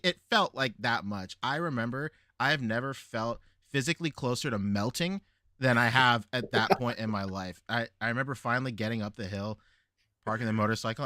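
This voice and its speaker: A Filipino American man hosting a podcast, telling stories in an animated way with frequent laughs. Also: medium pitch, no room sound, studio quality. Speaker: podcast host. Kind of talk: casual chat.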